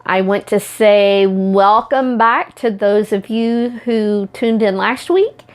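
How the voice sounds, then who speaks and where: A middle-aged woman with an Oklahoma Southern drawl speaks in an unhurried, measured way. She sounds earnest and confiding, sharing a personal motivational talk straight to camera at a middle pitch. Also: clear, resonant tone. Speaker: self-empowerment vlogger.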